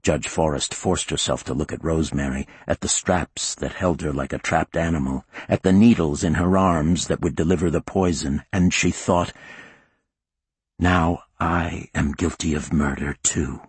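A man narrating a thriller audiobook in a measured, grave storytelling manner. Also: a bass voice, fairly even intonation, breathy edge, no echo.

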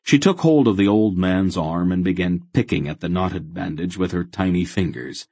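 A man reading a fantasy novel aloud in steady, measured narration. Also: sits low, slightly rough, no echo. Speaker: audiobook narrator. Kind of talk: scripted narration.

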